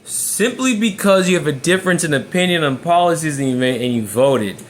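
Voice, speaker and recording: A man's voice: on the high side, expressive, a little fast, a little hiss or hum. A man talking to camera about his own story, emphatic and often restarting words. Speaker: vlogger.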